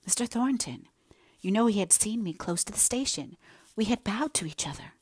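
A woman's voice: mid-range voice, animated, normal speed, a little mellow, husky, dry recording. A woman voicing an earnest, remorseful young woman in an audiobook, confessing in an emotional, pleading way. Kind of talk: audiobook character reading.

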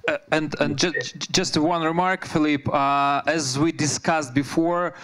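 A man's voice: on the high side, steady tone, measured pace, a bit bright, slight background noise. A man on a panel discussion, stammering and restarting his words as he speaks. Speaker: panel participant, parliamentarian.

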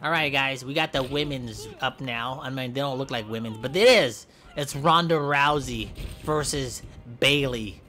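A young man giving goofy, excitable play-by-play commentary over a game, yelping and shouting in mock pain. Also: medium pitch, moderate pace, few pauses. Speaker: gameplay commentator.

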